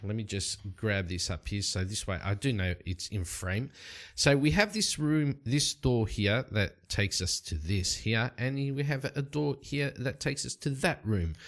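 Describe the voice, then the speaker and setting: A man narrating and playing a solo tabletop game at a desk mic, rambling and relaxed with plenty of fillers. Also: mid-range voice. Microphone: desk microphone.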